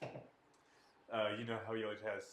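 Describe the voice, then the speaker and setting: A man's voice: lowish voice, monotone, a little slow, fairly bright tone, echoey room, a little hiss or hum. A man co-hosting a casual podcast among brothers, asking the questions and laughing through his stories. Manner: laughs while telling stories. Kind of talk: casual chat.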